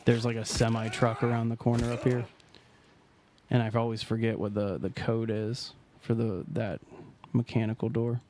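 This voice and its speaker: A man's voice: mid-range voice, moderate pace, slight background noise. A man streaming a video game, talking casually and rambling as he plays. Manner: rambling, relaxed, trails off mid-sentence. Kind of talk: casual gameplay commentary.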